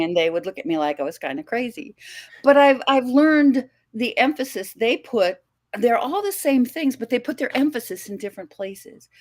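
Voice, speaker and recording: An older woman from the American Midwest, a podcast guest talking in a relaxed, reflective way, with frequent restarts and light laughs. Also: a little high. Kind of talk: casual conversational interview.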